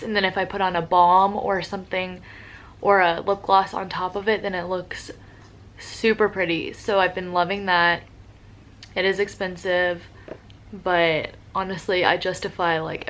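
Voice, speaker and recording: A woman's voice: mid-range voice, a bit bright. Young woman, upbeat beauty vlogger, casual tutorial chat. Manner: chatty, upbeat, says "like" often.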